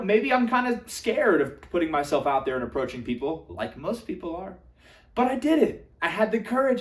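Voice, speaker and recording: A young man coaching on social skills, animated and casual, swinging between loud emphatic bursts and quiet asides, now and then swearing for emphasis. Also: sits high. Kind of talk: energetic coaching monologue to camera. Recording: echoey room.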